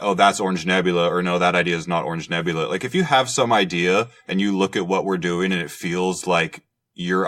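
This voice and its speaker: A man's voice: low voice, a bit bright. A man speaking as a guest in a casual video call chat, dry and teasing.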